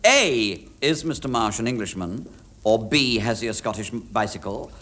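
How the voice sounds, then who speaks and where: A man's voice: on the low side, animated, normal speed, pushed and bright. A man on a radio comedy panel, telling a rambling comic anecdote in a dry way. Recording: hissy 1960s radio recording.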